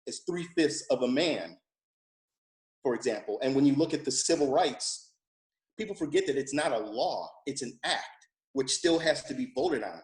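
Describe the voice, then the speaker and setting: A man's voice: medium pitch, animated, moderate pace, echoey room. A man speaking as a panelist, thoughtful and hesitant, often repeating phrases. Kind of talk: panel discussion.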